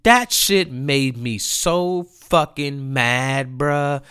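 A man's voice: mid-range voice, drawn-out words, clean tone. A man telling a rambling, profane story in a casual monologue, acting out his friends' lines. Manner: animated, profane, mimics friends in quotes.

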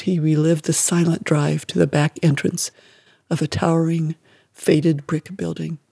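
A man reading an audiobook in a measured, dramatic way that drops to a quiet, hushed tone. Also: fairly high pitch, creaky, husky, no echo, clean studio sound. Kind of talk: scripted audiobook narration.

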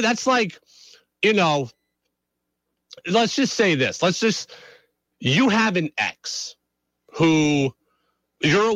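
Animated, bright-voiced sports radio host. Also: male voice, high-pitched, no echo, rough recording. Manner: animated, rhetorical, exasperated. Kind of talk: opinionated sports talk monologue.

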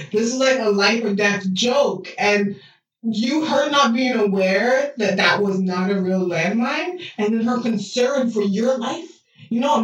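Brief: animated woman recapping a show, distant mic in a very roomy space. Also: on the high side. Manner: animated, acts out scenes with laughs. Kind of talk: casual chat recapping a TV drama. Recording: echoey room, far from mic.

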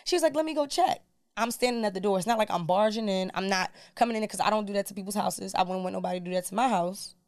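A woman's voice: medium pitch, racing, few pauses, no room sound, studio quality. A woman guest on a podcast, telling a personal story in casual, colloquial speech and acting out what people said. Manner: animated, colloquial storyteller who acts out dialogue.

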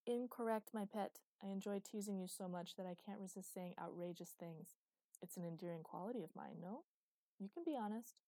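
Woman reading teasing male ship partner, theatrical, mellow, dry sound. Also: mid-range voice, a little fast, no echo, natural voice. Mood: playful. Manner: playful, mock-theatrical teasing. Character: teasing, dramatic adult male spaceship partner.

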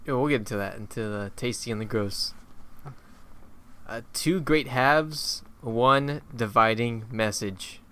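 A man's voice: mid-range voice, a little slow, sharp tone. A man hosting a casual movie review podcast, steering the segments and stammering at the start of phrases. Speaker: podcast host.

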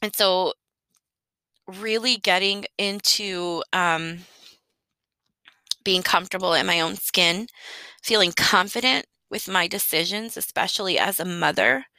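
A woman in her thirties, a mother telling a personal story in an emotional, heartfelt monologue with soft laughs. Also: mid-range voice, unhurried, long pauses, dry recording, poor audio.

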